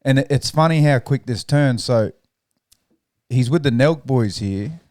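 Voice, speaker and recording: A man's voice: mid-range voice, unhurried, a little mellow, dry recording, clean studio sound. A man hosting a podcast, chatting casually with crude, profane banter. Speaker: podcast host. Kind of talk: casual chat.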